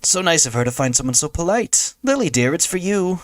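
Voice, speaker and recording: A man's voice: mid-range voice, sing-song, unhurried, bright, forceful tone, husky, no room sound, voice pushed up, full character voice. A man voicing an enthusiastic, overeager middle-aged mother answering the phone while reading a visual novel aloud. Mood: cheery. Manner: cheerful, overeager. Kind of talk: visual novel read-along voice.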